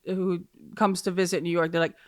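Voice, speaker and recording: A woman's voice: lowish voice, little pitch movement, brisk, no echo. A woman hosting a casual podcast, rambling through stories with fillers and frequent laughs, recorded on a close studio mic. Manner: rambling storyteller, laughs often, many fillers. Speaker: podcast host. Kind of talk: casual solo podcast chat.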